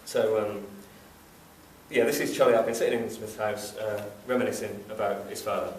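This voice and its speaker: A man with a Yorkshire accent, an author talking and reading at a book launch in a thoughtful, halting way with many ums. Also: fairly low pitch, level tone, darkish tone, recorded from a distance, slight background noise. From Wakefield, England. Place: festival event room. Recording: echoey room picked up from afar.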